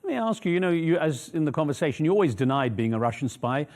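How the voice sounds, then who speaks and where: Fast-talking male news interviewer. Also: on the high side, expressive, darkish tone. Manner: probing, rambling questions with fillers.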